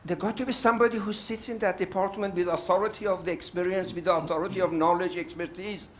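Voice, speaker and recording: An older South African man addresses a summit panel with an impassioned, outspoken speech, repeating his points for emphasis. His voice is high-pitched and steady in tone, and he talks fast over slight background noise.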